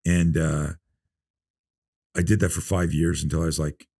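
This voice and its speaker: A man in his fifties, a self-defense instructor, telling stories in a relaxed podcast interview and acting out the dialogue. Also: very deep voice, moderate pace, gravelly, no room sound, studio quality. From North America. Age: 50s. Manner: relaxed storyteller who acts out quoted dialogue. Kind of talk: casual storytelling interview.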